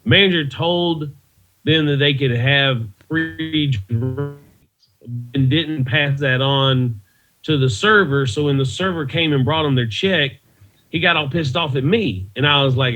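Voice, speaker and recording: A man's voice: fairly high pitch, normal speed, fairly bright tone. A man, a comedian and podcast guest, telling stories in a loose, rambling way and chuckling at his own tales. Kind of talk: casual storytelling interview. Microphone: video call. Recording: muffled video call audio.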